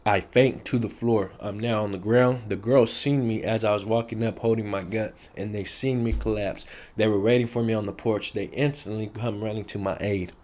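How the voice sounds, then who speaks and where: A man's voice: fairly low pitch, fairly even intonation, moderate pace, few pauses, darkish tone. A man telling a story from his past in blunt, profane street talk, repeating key phrases for effect. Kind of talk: casual street storytelling to camera.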